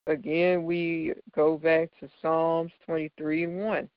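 He talks slowly in a smooth, high-ish voice with flat delivery, teaching scripture's figures of speech and patiently asking "right?" often. It's a dull, lo-fi, dry recording.

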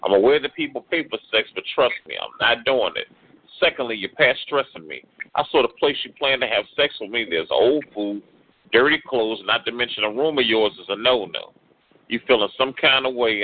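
A man performing a rhyming spoken word poem with a rhythmic, exasperated delivery. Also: medium pitch. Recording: tinny phone-like radio audio.

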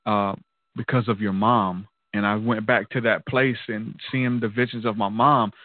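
A man's voice: on the low side, fairly even intonation, normal speed, no room sound. A man casually telling a personal testimony in an earnest, loose way, peppered with "man" and "dude". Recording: tinny phone-like line, dry.

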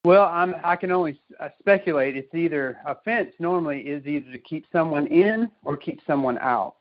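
A man's voice: a little high, moderate pace. A man telling a rambling, laughing story in a casual chat on a community call. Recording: dull lo-fi call audio.

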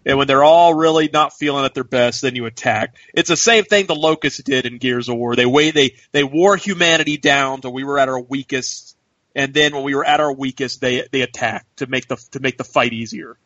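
A man co-hosting a podcast, rambling in casual chat with halting restarts. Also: medium pitch, fairly bright tone, dry recording. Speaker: podcast co-host. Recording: distant dull dry mic.

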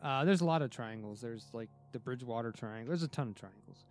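A man hosting a podcast, telling a story in a casual, excitable way, with frequent restarts and casual swearing. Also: medium pitch, quick pace, faint music behind. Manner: excitable, many restarts and fillers, swears freely. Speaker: podcast host.

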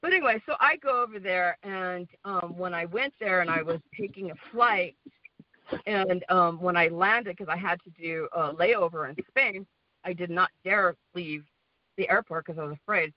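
A woman with a fairly low voice and a Western American accent speaks at a moderate pace as a caller on a community prayer line. Worn out, she rambles through her story with lots of fillers and keeps asking "okay?". The phone audio is dull, with no room sound.

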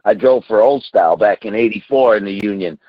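A man's voice: lowish voice, brisk, no echo, dull audio. A man talking as a trucker in casual chat, blunt and emphatic, often checking with "okay?". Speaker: owner-operator trucker, caller.

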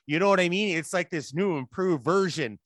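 Profane enthusiastic host, dry sound. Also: male voice, high-pitched, fairly bright tone, dry recording. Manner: enthusiastic, profane, halting restarts. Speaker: podcast host. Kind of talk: casual chat.

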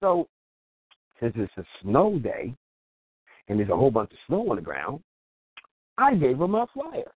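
A man's voice: medium pitch, huge pitch swings, measured pace, pauses often, slightly rough. A man on an internet radio show, telling a story with chuckles and playing the other people's voices, then giving advice. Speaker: small business owner on an internet radio show. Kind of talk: animated anecdote and advice. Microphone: phone. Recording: tinny dry phone line.

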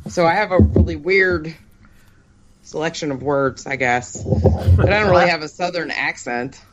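Relaxed speaker from Pittsburgh. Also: mid-range voice, normal speed, very noisy. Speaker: podcast guest. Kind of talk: casual podcast chat. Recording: lo-fi dull sound.

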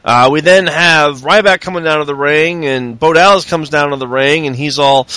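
A man co-hosting a casual chat, lively and profane, acting out other people's lines in put-on voices. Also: on the high side, moderate pace, few pauses, clean tone, no room sound. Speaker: podcast co-host recapping wrestling.

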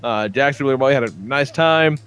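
A man's voice: medium pitch, fairly quick, fairly bright tone, smooth. A man in his thirties telling rambling, profane stories on a casual podcast. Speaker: podcast co-host.

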